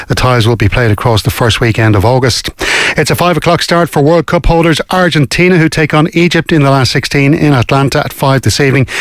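A man reading a brisk radio sports bulletin. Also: mid-range voice, no echo, clean studio sound. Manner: brisk, even read. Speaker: newsreader.

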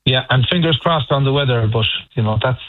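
A man's voice: mid-range voice, fairly quick, no room sound. A middle-aged Irish man, a band member, chatting by phone in a rambling, storytelling way with hesitant restarts. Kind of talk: phone interview. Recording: tinny phone line.

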